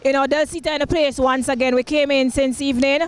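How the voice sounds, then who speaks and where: Jamaican woman comic, very high voice, cheeky promo banter. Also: flat delivery, fairly quick. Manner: bawdy, teasing, laughs often. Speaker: stand-up comedian. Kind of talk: playful promo chat.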